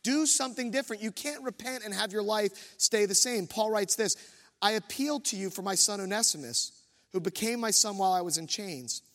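High-voiced male pastor in a reverberant hall. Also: brisk, a bit bright. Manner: self-deprecating storytelling, many restarts. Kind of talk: sermon with personal story.

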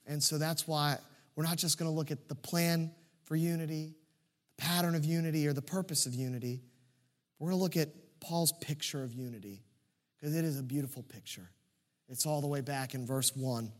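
A man in his thirties preaching a sermon as a pastor, swinging between loud emphatic peaks and quiet asides and repeating key phrases for emphasis. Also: a little high, fairly even intonation, moderate pace, in a large hall.

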